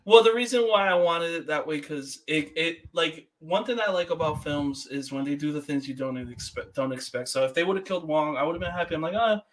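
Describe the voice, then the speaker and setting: A man's voice: fairly high pitch, fairly quick, hardly any pauses, slight background noise. A man co-hosting a podcast, animatedly retelling a movie scene by scene. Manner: animated retelling with laughs and quoted reactions. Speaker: podcast co-host. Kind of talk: casual movie review chat.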